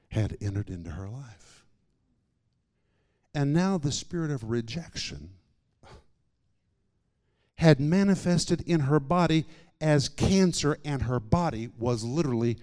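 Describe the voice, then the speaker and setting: A male preacher telling a personal story in a sermon, with dramatic swings between hushed lines and loud, emphatic ones. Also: medium pitch.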